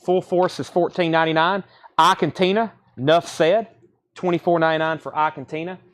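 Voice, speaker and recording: A man's voice: a little high, steady tone, a little fast. A man hosting a live record sale stream, rattling off titles and prices with casual asides. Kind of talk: live sales stream chat.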